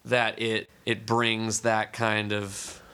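A man's voice: fairly low pitch, completely flat delivery, takes it slowly, pushed and bright, clear, resonant tone. A man in his thirties co-hosting a casual podcast chat, telling stories with plenty of profanity. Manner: profane, storytelling. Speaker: podcast co-host.

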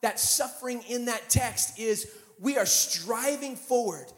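A man in his fifties preaching a sermon as guest pastor, telling stories and building up to shouted preaching. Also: extremely high pitch, lively intonation, unhurried. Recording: long hall reverb.

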